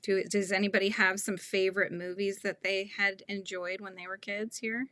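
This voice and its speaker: In her thirties, this woman hosts a crochet tutorial stream, chatting casually while she crochets and laughing often as she reads viewer comments. Her medium-pitched voice comes at a normal speed with a flat, pushed, bright delivery and no room sound.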